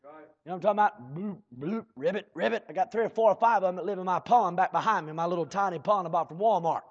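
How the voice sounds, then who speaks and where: A man preaching a fiery sermon, breaking into shouts and slow drawled asides and calling out to the congregation. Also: high-pitched. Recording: dull lo-fi church recording.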